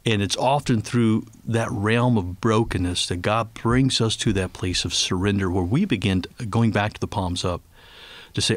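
Middle-aged man, low voice, earnest radio guest, dry studio sound. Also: no room sound. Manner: earnest, slow and tender when praying aloud. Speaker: ministry leader and guest. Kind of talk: faith radio interview.

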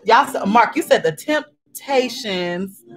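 High-voiced woman hosting a party. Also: animated, takes it slowly, soft background music, poor audio. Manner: playful, cheering and teasing guests. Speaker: host of a virtual paint party. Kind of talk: lively live event hosting.

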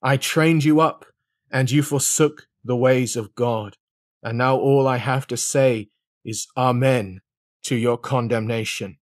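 A man voicing a pious mother who speaks softly and gravely to her children. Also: medium pitch, fairly even intonation, unhurried, no echo, clean studio sound, close to an everyday voice. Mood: resigned. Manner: hushed, grave.

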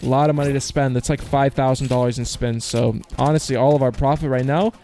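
A young man in his twenties giving excitable, casual commentary as he plays an online slot, groaning at losses and shouting at wins. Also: medium pitch, quick pace, faint music behind. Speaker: slot streamer.

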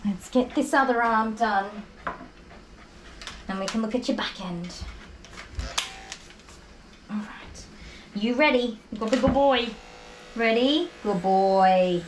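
A woman's voice: on the high side, slow, pauses often, slight background noise. A woman grooms a dog, coaxing it with soothing, repetitive praise and chatty asides to viewers. Her voice rings in an echoey room over a faint buzz of clippers. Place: grooming salon. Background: electric clippers buzzing.

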